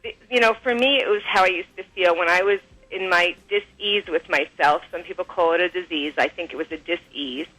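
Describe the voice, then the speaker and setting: A woman guest on an interview show, explaining her ideas in a lively way, acting out quoted voices and laughing often, heard over a phone line. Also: fairly low pitch, a little fast, few pauses. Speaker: author and guest. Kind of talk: interview, explaining and telling stories.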